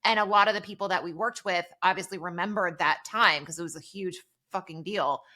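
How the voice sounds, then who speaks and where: A woman's voice: on the low side, a little fast, sharp tone. A woman in her forties co-hosting a podcast, casually recapping a TV episode and narrating plot with quoted lines. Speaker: podcast co-host, former banker.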